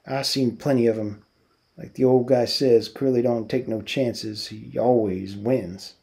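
An anxious, protective ranch hand who presses his warnings fast and urgently, voiced by a man reading a novel aloud. The voice is gravelly and dark. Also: mid-range voice, steady tone.

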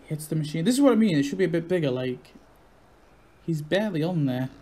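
A young man hosting a gaming channel, giving casual, opinionated commentary with quick reactions. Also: fairly high pitch, expressive, warm tone.

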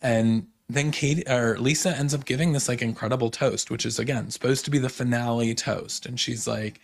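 A young man casually recapping reality TV, excitable and full of filler words. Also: mid-range voice, fairly quick, creaky. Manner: excitable, lots of "like" fillers, quotes people in paraphrase. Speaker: podcast host recapping reality TV.

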